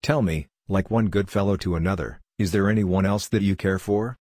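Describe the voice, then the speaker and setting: Jolly young Texan suitor, folksy slang, deep and dry, read by a man. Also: steady tone, a little fast, a little mellow, dry recording. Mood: earnest. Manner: folksy slang, good-humored then earnest.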